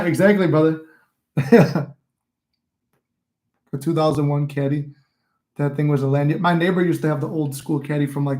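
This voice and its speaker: A livestream host in his twenties, whose voice sits on the high side with a darkish tone, chats casually. Between reading viewer comments out loud, he tells profane, meandering stories.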